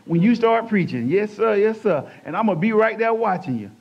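Man doing excited stranger, high voice, loud drawl, insistent, muffled lo-fi sound. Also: brisk, gravelly, husky, heavily acted. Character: excited middle-aged man, eager and insistent. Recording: dull lo-fi recording.

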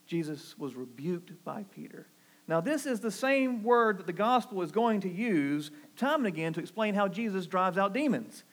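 A man from the American South with a Southern accent, preaching a sermon, rising to emphatic lines and dropping low and soft when quoting. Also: lively intonation, moderate pace. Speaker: pastor.

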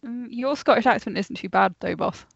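Gravelly woman cracking jokes on a call. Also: fairly high pitch, normal speed, no room sound. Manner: wry, joking asides. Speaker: podcast co-host. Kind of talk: casual chat over a video call. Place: on her bed at home. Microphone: video call. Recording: dull lo-fi call audio.

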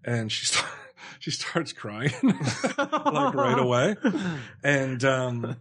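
A man's voice: mid-range voice, wildly swooping pitch, drawn-out words, fairly bright tone. A man telling a long personal story in casual chat, rambling and profane. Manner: rambling, profane, full of fillers.

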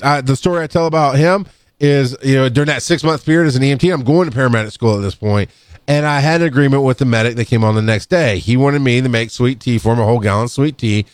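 A middle-aged man tells work stories over a close, dry microphone. He rambles, restarts his sentences, and lifts into a higher voice to mimic the people in his stories. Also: dry recording. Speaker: podcast co-host, EMS worker. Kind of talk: casual storytelling chat. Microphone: studio microphone.

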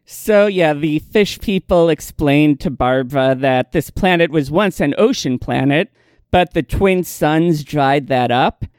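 Smooth-voiced man hosting a recap chat. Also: a little high, measured pace, no room sound, clean studio sound. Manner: relaxed storyteller, laughs easily. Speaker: podcast host. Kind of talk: casual chat recapping episodes.

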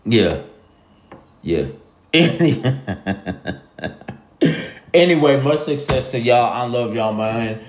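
A man's voice: medium pitch, expressive, drawn-out words, pauses often, slight background noise. A young man talking casually to his listeners, rambling and emphatic, repeating himself in slangy speech. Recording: echoey room.

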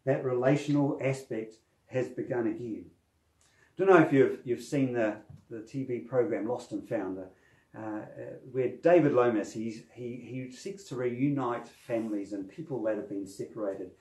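A man preaching a sermon, rising to stress key phrases and dropping quietly at the ends of lines. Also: mid-range voice, moderate pace, roomy sound, rough recording.

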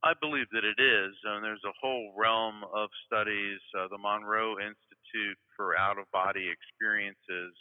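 A man from Florida talks in a low voice, circling and restarting his sentences. His voice comes over a tinny phone-like line with a long reverb tail behind it. He sounds like a guest telling stories in a casual interview. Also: fairly even intonation, moderate pace, hardly any pauses. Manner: rambling, with many fillers and restarts. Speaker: psychic medium guest.

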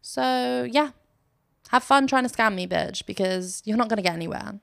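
A woman's voice: mid-range voice, fast talker, vocal fry, a bit bright, no echo, clean studio sound. A young British woman hosting a casual solo podcast, telling stories in a chatty, giggly way and swearing freely. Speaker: podcast host.

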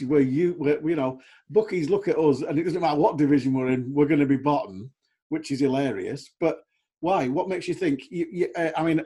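Man, middle-aged, football chat host, husky, mellow tone, chatty, animated storyteller. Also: a little high. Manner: chatty, animated storyteller who mimics others. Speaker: podcast host.

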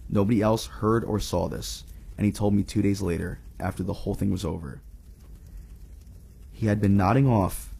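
A man with a lowish, husky voice tells a spooky campfire story on a podcast. He reads it aloud in a relaxed, profane, casual way. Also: normal speed, long pauses. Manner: profane, laid-back. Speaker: podcast co-host telling a scary story.

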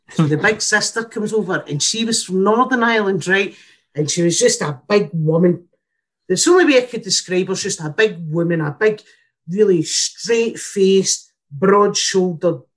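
A Scottish woman tells a comic story in a casual, chatty way. She swears freely and talks bluntly, with plenty of animation. Her voice sits in a middle pitch.

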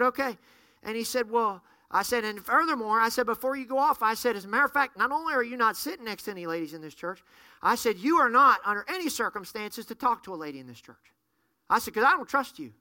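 A middle-aged man, a pastor, preaching a sermon and telling stories with lively acted-out dialogue. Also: extremely high pitch, fast talker, no echo. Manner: animated storyteller, acts out dialogue. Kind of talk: sermon storytelling.

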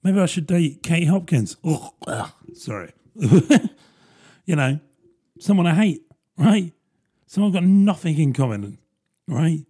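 A man's voice: on the high side, animated, measured pace, pauses often, warm tone, husky. A man, rambling through a casual solo podcast with plenty of fillers and self-deprecating asides. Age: 30s. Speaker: podcast host.

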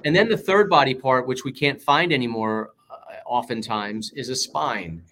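A man's voice: medium pitch, moderate pace, a bit bright, slight background noise. A man with a New York accent, a political candidate answering interview questions in punchy, emphatic campaign rhetoric.

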